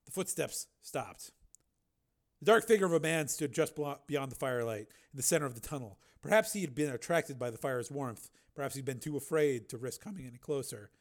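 A man reading a science fiction audiobook aloud, steady and even, now and then correcting a slip. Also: medium pitch, fairly quick. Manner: steady storytelling with occasional slips and self-corrections. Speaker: narrator. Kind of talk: audiobook narration.

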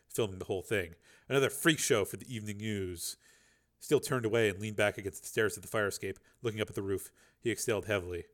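A man narrating an action audiobook in a steady, driving read with a gravelly voice. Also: lowish voice.

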